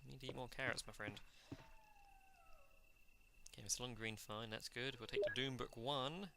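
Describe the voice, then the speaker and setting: A man's voice: mid-range voice, fairly even intonation, normal speed, gravelly, noisy background. A man hosting a let's play, chatting casually about the game, joking with himself and talking to the enemies on screen. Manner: chatty, self-mocking, talks to the enemies. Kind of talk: casual gameplay commentary.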